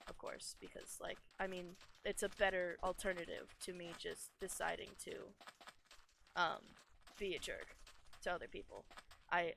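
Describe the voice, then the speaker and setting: A young adult gamer rambles loosely while playing, mocking themself and leaning on filler words. The voice is bright and sharp in tone and sits at a middle pitch. A faint hiss runs under the home desk-mic recording. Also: creaky. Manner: rambling, self-deprecating, full of "like" and "you know". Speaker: gaming YouTuber. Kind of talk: casual gaming commentary chat.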